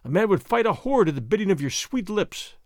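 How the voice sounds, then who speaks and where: A man voicing a dashing, gallant masked highwayman who speaks in flowery, bold phrases. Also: big pitch swings, brisk, no room sound, clean studio sound. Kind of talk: audiobook character voice.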